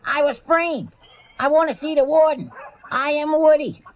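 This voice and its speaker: A man voicing a cheeky male wooden ventriloquist dummy that protests in a high, squawky voice. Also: moderate pace, dry recording, muffled recording. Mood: indignant.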